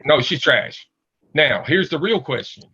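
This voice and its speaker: A man hosting a stream, loudly taunting and trash-talking a guest. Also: on the high side, animated, measured pace, husky. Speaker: stream host. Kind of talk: loud mocking stream banter. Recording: dull lo-fi stream audio.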